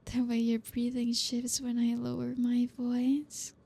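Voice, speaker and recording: A woman voicing a teasing, dominant female teacher in a whispered role-play, speaking softly with low laughs. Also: completely flat delivery, creaky, husky, heavily acted. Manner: slow, teasing, soft-spoken with low laughs. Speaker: ASMR performer.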